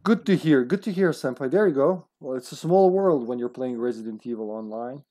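A man streaming a survival game live, chatting excitably, joking and swearing as he plays. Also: mid-range voice, fairly quick. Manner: excitable, swears, jokes around. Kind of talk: live gameplay chat.

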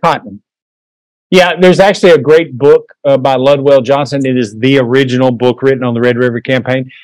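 A man's voice: medium pitch, fairly even intonation, a little fast, a little mellow, no echo, low-quality recording. Man, guest lecturer, folksy, conversational, dry sound. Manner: folksy, conversational, many fillers. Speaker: guest speaker. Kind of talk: history lecture and Q&A. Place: meeting room.

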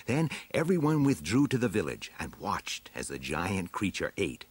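A man narrating a children's adventure storybook aloud in an expressive, dramatic way. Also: sits low, normal speed, breathy edge, dry recording. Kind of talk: storybook reading.

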